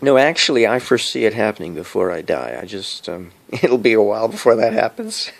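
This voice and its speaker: A man's voice: fairly low pitch, a bit bright. A middle-aged man rambling to his phone camera, giggling often as he talks. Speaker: vlogger. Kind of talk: rambling casual monologue to camera. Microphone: cell phone camera.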